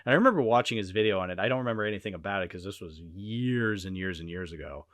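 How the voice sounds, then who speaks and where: A man hosting a podcast in casual chat. He talks in an animated way, laughs easily and swears casually. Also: low voice, rapid-fire, no room sound. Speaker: podcast host.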